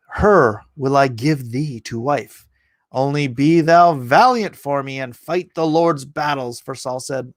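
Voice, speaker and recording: A man's voice: mid-range voice, creaky, no echo. A man reading scripture aloud on a casual livestream, breaking off to joke and greet chat viewers by name. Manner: laughs at his own asides.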